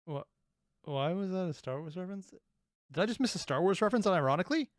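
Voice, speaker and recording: A man's voice: on the high side, sing-song, very fast, dry recording, clean studio sound. A man hosting a reaction video, who laughs and rambles in casual commentary and pokes fun at himself. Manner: laughing, rambling, self-deprecating.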